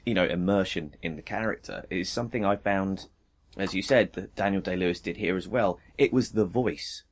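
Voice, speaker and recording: A man, a podcast guest, talking about a film in a thoughtful, measured way. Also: low-pitched. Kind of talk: casual film discussion.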